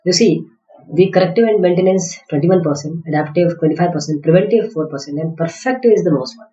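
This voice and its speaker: Male lecturer, mellow halting delivery, dull echoey classroom recording. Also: high voice. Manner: halting, with many fillers and restarts. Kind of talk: slide-based lecture.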